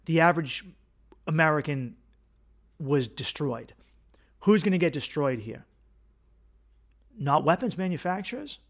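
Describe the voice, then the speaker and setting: A man's voice: on the high side, lively intonation, measured pace, pauses often. A man hosting his own podcast, delivering a casual, opinionated monologue with profanity and sarcastic asides. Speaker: podcast host, comedian.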